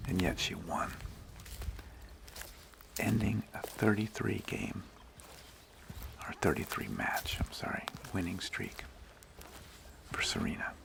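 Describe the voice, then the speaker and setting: A man talking in a gentle, whispery ASMR manner, telling a story unhurriedly while out on a nature hike. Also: deep voice, big pitch swings, slow pace, creaky, long pauses. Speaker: ASMR host. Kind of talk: soft-spoken ASMR talk.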